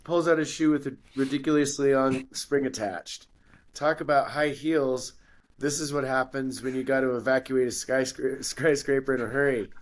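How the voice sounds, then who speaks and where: A male comic reading prop-comedy jokes aloud, stage directions included. He moves between slow and quick delivery. His voice sits in a middle register. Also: medium pitch, steady tone. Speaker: comedian guest.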